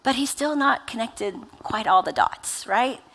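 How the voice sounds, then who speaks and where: A woman's voice: fairly high pitch, animated, measured pace, fairly bright tone. Conversational woman preaching a sermon. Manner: conversational, uses many fillers like "like" and "right?". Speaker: pastor.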